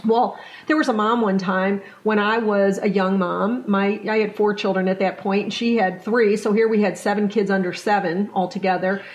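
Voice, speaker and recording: A middle-aged woman trainer telling stories in an animated, conversational way, now and then acting out the people she quotes. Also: mid-range voice, moderate pace, hardly any pauses, poor audio. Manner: animated, acts out quoted voices. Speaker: workplace culture trainer and guest. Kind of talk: conversational storytelling.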